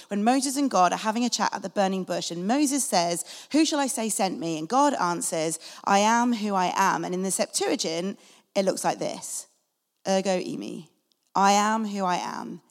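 Female preacher, conversational and earnest, slight vocal fry, in a reverberant church hall. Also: medium pitch. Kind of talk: sermon. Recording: long reverb of a large hall.

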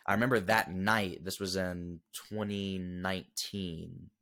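A man's voice: low-pitched, steady tone, unhurried, bright, forceful tone. A young man, a podcast guest, telling a personal story in an earnest, emotional way with many fillers and restarts. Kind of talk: casual storytelling interview.

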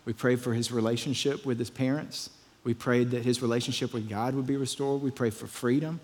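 A man's voice: medium pitch, steady tone, a little fast, darkish tone, in a large hall. A pastor telling a story in a conversational sermon, often repeating his words.

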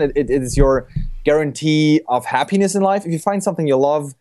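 A man's voice: a little high, fast talker, darkish tone. A young man talking casually on a podcast about photography, loose and rambling, with lots of restarts and fillers.

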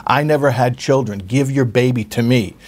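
A man's voice: mid-range voice, moderate pace, close to an everyday voice. A man voicing an old farmer's wife who soothes and pleads in a story. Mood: soothing. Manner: soothing, then urgent.

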